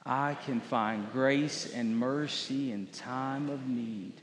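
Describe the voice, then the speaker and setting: Slow-speaking pastor in a big hall. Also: male voice, mid-range voice. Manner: leads congregation in call-and-response declarations. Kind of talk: sermon.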